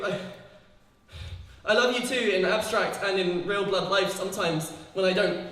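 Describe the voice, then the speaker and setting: A woman's voice: medium pitch, fairly even intonation, measured pace, fairly bright tone, recorded from a distance. A young woman from performs her own poetry at a live gallery poetry night. Between poems she turns hesitant and leans on fillers. Her voice rings through a very echoey hall with a long, hanging reverb. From England. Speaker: poet.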